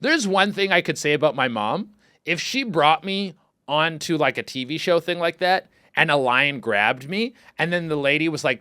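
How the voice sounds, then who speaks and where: A man hosting a comedy podcast, riffing in excitable, profane casual commentary. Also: on the high side, normal speed, dry recording, clean studio sound. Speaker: podcast host.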